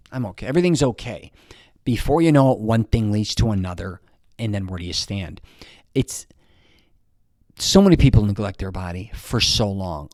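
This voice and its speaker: A man's voice: on the low side, darkish tone, no room sound, clean studio sound. A man in his fifties giving blunt, rambling fitness advice straight to camera, swearing freely and restarting his sentences. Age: 50s. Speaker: fitness vlogger. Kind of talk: casual motivational talk to camera.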